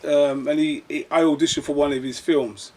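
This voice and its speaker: A man's voice: a little high, fairly even intonation, moderate pace, darkish tone. A man, an actor chatting casually and telling rambling stories with restarts. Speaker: actor and guest. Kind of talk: casual conversation, storytelling.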